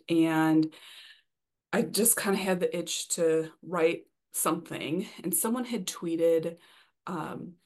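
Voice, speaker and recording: Bubbly, lower-voiced woman author. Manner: bubbly, excited, laughs often, says "um" and "you know". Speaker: debut romance author, podcast guest. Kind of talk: casual interview chat.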